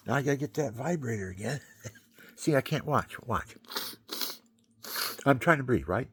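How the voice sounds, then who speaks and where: Older man with a husky, stuffy-nosed voice. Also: mid-range voice, expressive, unhurried, pauses often, fairly bright tone, no echo. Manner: rambling, chatty, demonstrating as he talks. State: stuffy nose, talking through his nose. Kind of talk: casual vlog monologue.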